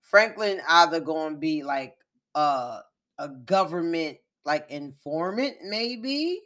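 A woman podcast host recapping a TV episode in casual chat, animated, emphatic and profane. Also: low-pitched, takes it slowly.

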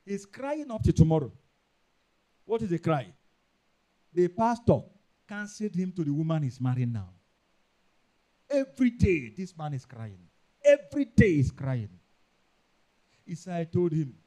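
A man with a Nigerian accent preaching a sermon, emphatic and repetitive, rising into loud bursts. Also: on the high side, big pitch swings, measured pace, long pauses. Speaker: pastor.

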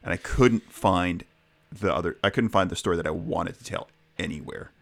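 A man's voice: deep voice, moderate pace, vocal fry. A man co-hosting a podcast, telling stories in a wry, joking casual chat. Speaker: podcast co-host.

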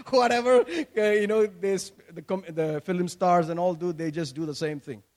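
A man from Kerala with an Indian accent, preaching an energetic sermon, shouting and laughing with playful asides. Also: sits high, a little slow.

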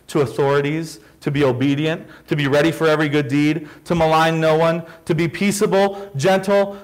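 A man's voice: on the high side, poor audio. A man, a pastor preaching a sermon with emphatic rhetorical questions and repeated phrases.

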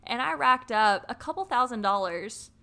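A woman telling a personal story in a casual podcast chat, animated and swearing freely. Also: a little high, moderate pace, gravelly.

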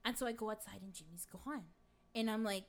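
A female guest with a medium-pitched, natural voice plays a brash, crude middle-aged gossip in a comedy sketch, talking fairly quickly and rambling through a story full of swearing. Heavy noise fills the background.

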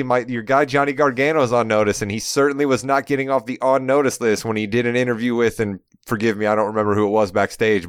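A man co-hosting a casual podcast about wrestling over a remote call. He talks in an animated, joking way and wanders off into long asides. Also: mid-range voice, clean tone, no echo, studio quality. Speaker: podcast co-host.

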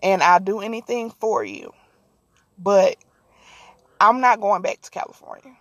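A woman voicing a creepy, controlling young wife, speaking low and eerily calm. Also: measured pace, dry recording.

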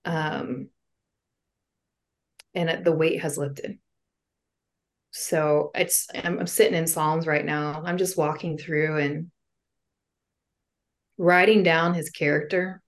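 A woman's voice: low-pitched, little pitch movement, slow pace, pauses often. A woman, a guest on an interview show, sharing a personal faith testimony in an earnest, heartfelt way with casual fillers.

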